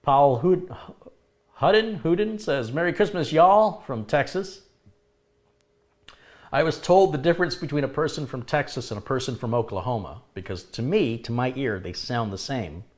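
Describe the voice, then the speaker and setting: A man's voice: medium pitch, animated, moderate pace. A middle-aged man hosting a live chat stream, reading viewer comments aloud and answering them in a chatty way, laughing now and then at his own remarks.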